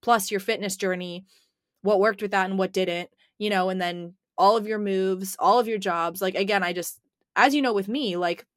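A woman's voice: medium pitch, normal speed, no echo, clean studio sound. A young woman co-hosting a podcast, chatting casually with many fillers. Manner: chatty, lots of fillers, laughs as she talks. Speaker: podcast co-host.

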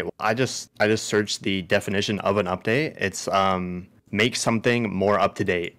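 A man's voice: fairly low pitch, normal speed, few pauses, fairly bright tone. A man co-hosting a casual podcast, talking in a hesitant way with many restarts. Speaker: podcast co-host.

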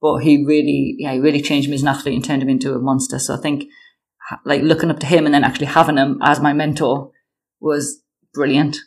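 Chatty woman telling lively stories. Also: rumbling low, quick pace, gravelly. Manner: chatty, lots of fillers, animated storytelling. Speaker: interview guest, biathlete. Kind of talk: casual interview chat.

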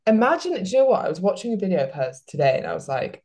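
A woman's voice: medium pitch, sing-song, racing, dark tone. A woman hosting a podcast, chatting casually with lots of "like" fillers and reading out listener questions. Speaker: podcast host.

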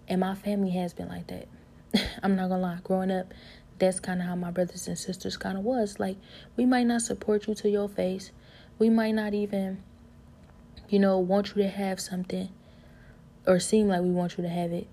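A woman telling a personal story in a casual, earnest way, with loose informal grammar, often dropping to a soft whisper. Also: mid-range voice, little pitch movement, normal speed.

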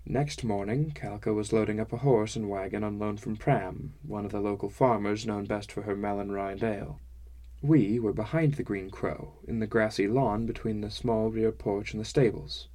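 A man narrating a first-person fantasy novel in a measured, wry storytelling manner. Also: fairly low pitch, steady tone, mellow. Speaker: audiobook narrator.

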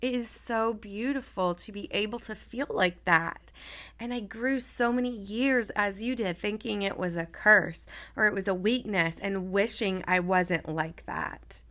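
Woman therapist hosting a chat, thirties, clear bright tone, gentle affirming delivery. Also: medium pitch, unhurried. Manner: soft, warm and affirming, emphatic at times. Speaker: therapist and podcast host. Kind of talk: casual heartfelt conversation.

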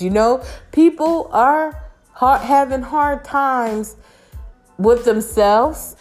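A woman vlogger talking frankly and emphatically to the camera, swearing freely and often asking "you know?". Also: medium pitch. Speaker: vlogger giving dating advice. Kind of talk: casual monologue to camera.

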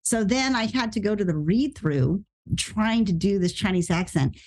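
An American woman telling stories as a guest on a podcast, her voice sitting in an ordinary middle register. She talks in a casual, animated way and rushes through her anecdotes. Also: medium pitch. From United States. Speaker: actress guest.

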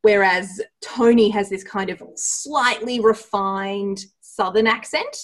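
A woman's voice: medium pitch, takes it slowly. A woman hosting a casual podcast, talking enthusiastically as she steers the conversation. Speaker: podcast host.

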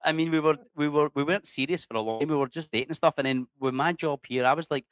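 A man's voice: on the high side, fast talker, a bit bright, smooth, no room sound. A middle-aged man with a Scottish accent, telling stories in a casual interview, chatty and swearing freely. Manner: chatty, swears freely, says "mate" a lot. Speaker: interview guest. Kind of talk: casual storytelling.

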